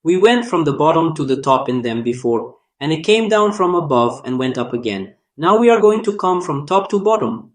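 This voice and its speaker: A man narrating a scripted language lesson, speaking deliberately and drawing out sounds to demonstrate them. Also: on the high side, sing-song. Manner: slow, deliberate delivery demonstrating tones with drawn-out sounds. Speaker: language teacher.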